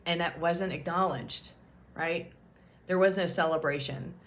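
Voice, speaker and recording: A woman's voice: fairly low pitch, unhurried. A woman hosting her own channel as a peer support specialist, telling a personal story to camera in a frank, casual way, swearing freely and laughing at herself.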